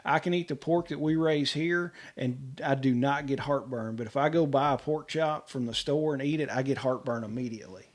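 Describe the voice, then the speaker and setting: A middle-aged man, telling animated stories about his homestead and acting out the people in them. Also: mid-range voice, moderate pace, few pauses. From Kentucky, US. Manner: animated, quotes people in dialogue, laughs often. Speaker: homesteader guest. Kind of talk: casual storytelling.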